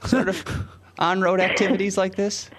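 A man's voice: sits high, flat delivery, normal speed, fairly bright tone. A man hosting a podcast, chatting casually through news stories, joking and laughing often as he reads. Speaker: podcast host.

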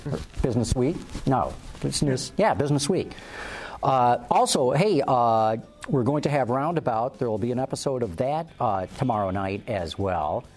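A man's voice: medium pitch, animated, moderate pace, a little mellow, soft background music. A man hosting a casual talk show, rambling and restarting his sentences. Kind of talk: casual panel chat.

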